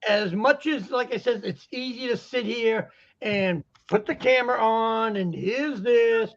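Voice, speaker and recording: A man with a Boston accent chatting casually on a talk show, telling stories and jokes in an animated way. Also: very high voice, unhurried, highs cut off. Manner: joking, animated storyteller. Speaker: guest vendor. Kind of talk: casual chat. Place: lives in Florida.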